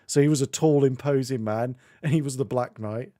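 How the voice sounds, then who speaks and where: A man hosts a relaxed game stream, telling funny anecdotes and laughing through them. His voice sits in an ordinary middle range. The sound is dry and close, with no room around it. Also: medium pitch, no room sound. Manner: laughs often, tells anecdotes with quick silly voice impressions. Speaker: streamer host. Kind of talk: casual chat while gaming.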